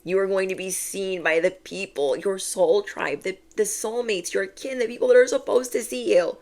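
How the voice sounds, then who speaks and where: A woman giving a chatty, animated tarot reading to camera, repeating key phrases to reassure. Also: medium pitch, moderate pace. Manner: chatty and animated, acts out quoted voices. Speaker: tarot reader.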